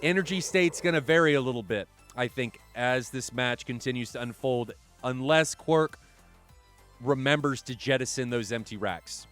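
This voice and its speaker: A man's voice: mid-range voice, moderate pace, a bit bright, soft background music. A man giving live play-by-play commentary on a flight simulator match, chatty and often correcting himself. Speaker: esports commentator.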